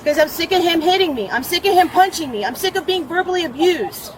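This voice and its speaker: A woman's voice: very high-pitched, expressive, rough recording. A woman outdoors giving an agitated, repetitive, profane account of a domestic dispute to a deputy. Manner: agitated, repetitive, profane, rushing over interruptions. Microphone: officer's body camera. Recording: body camera audio with outdoor noise.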